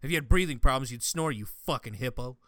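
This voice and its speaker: A man's voice: mid-range voice, quick pace, dry recording. A young man co-hosting a casual podcast, telling crude, profane stories with a lot of swing. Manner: crude, profane, animated storytelling. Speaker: podcast co-host.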